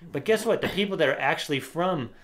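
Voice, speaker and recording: A man's voice: fairly high pitch, lively intonation, a little fast, fairly bright tone. A middle-aged man co-hosting a casual political talk show, giving opinionated commentary and reading lyrics aloud with sarcasm. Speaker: podcast co-host.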